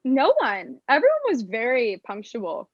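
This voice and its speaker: A young American woman chats through an interview, chatty and self-deprecating and full of fillers. Her voice sits a bit high. The sound is dry and a little dull. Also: wildly swooping pitch, a little slow, no echo. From United States. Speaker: actress, interview guest. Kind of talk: casual interview chat.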